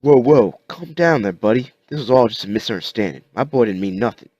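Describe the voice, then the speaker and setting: A man voicing a calm, plain-spoken rural father who shelters his son, talking in a folksy way. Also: mid-range voice, fairly quick, dry recording, dull audio, voice pushed up, close to an everyday voice.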